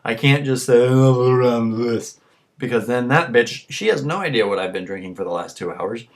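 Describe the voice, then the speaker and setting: A man's voice: mid-range voice, animated, brisk. A tipsy man talking to camera in a rambling, crude rant full of swearing. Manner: crude, ranting, swears constantly. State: tipsy from drinking. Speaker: vlogger. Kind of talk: rambling profane monologue to camera.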